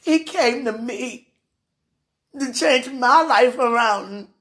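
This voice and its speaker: A woman speaking a heartfelt, tearful prayer and personal message, halting between soft laughs and sighs. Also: a little high.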